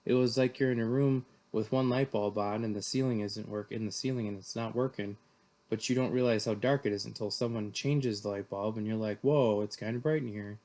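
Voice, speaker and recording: A man's voice: lowish voice, fairly even intonation, fairly quick, a little mellow. A man reading a novel aloud in first person, plainly, with the odd slip and restart. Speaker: reader.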